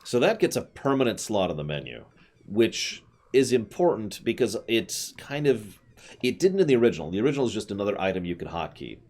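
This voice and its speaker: A man's voice: on the low side, sing-song, fairly quick, darkish tone. A man giving casual, chatty commentary while streaming a video game, with opinionated asides.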